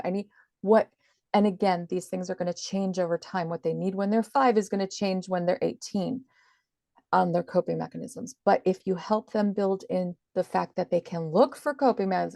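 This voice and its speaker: A woman's voice: medium pitch, fairly even intonation, normal speed, gravelly, dark tone, no echo, clean studio sound. A woman talking as an interview guest, explaining things earnestly and with emphasis. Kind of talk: conversational explaining.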